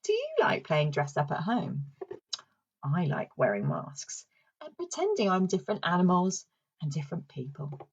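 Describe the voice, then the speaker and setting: A woman's voice: fairly low pitch, huge pitch swings, normal speed, a little mellow, husky, lo-fi sound. A woman with a British accent, a speech and language therapist leading a children's session in a playful, sing-song way. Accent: British English.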